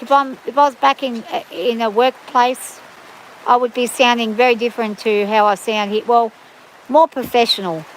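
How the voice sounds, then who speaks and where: A woman's voice: on the high side, a little hiss or hum, poor audio. A middle-aged woman with an Australian bush accent, chatting casually and rambling to viewers on a livestream from her farm. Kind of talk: casual chat. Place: outdoors on a farm in the rain.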